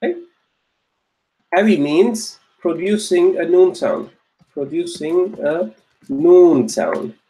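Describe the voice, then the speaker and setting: Patient man teaching, somewhat high voice. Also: animated, takes it slowly, long pauses, dark tone. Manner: patient, repeats each point and checks understanding. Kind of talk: online Arabic grammar lesson.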